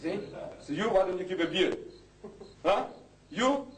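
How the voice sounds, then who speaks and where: A man's voice: high voice, lively intonation, a little slow. A man preaching to a live audience, impassioned and full of rhetorical questions. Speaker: Islamic preacher. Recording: echoey hall from far off, faint hiss.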